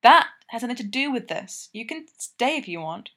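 A woman's voice: on the high side, big pitch swings, normal speed, a bit bright, exaggerated voice. A woman voicing an earnest, impassioned young man in an audiobook, talking in urgent, emphatic declarations. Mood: hurried. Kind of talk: audiobook character reading.

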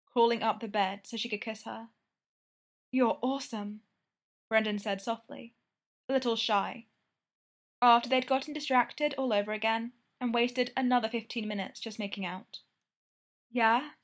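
A woman narrating a romance story with steady, intimate storytelling. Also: a little high.

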